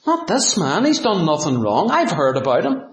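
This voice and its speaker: A man's voice: high-pitched, huge pitch swings, normal speed. A man voicing a repentant male thief on a cross, pleading in a raised, strained voice, in an echoey room.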